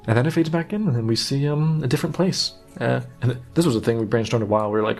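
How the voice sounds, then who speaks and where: A man giving a casual, earnest director's commentary on his animated series. He talks in a meandering way. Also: medium pitch, fast talker, hardly any pauses, soft background music.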